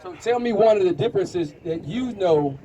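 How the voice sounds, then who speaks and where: A man's voice: high-pitched, expressive, moderate pace, dark tone, slight background noise, poor audio. A man hosting a youth football show, interviewing players and coaches outdoors at a field with upbeat, punchy promoter's hype. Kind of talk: sideline interview after a game.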